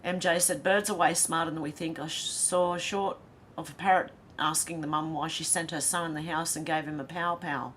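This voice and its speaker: A woman's voice: sits low, steady tone, a little fast, few pauses, a bit bright, slight background noise. A middle-aged Australian woman hosting a casual livestream, reading viewer comments aloud with giggly, chatty asides. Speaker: livestream host.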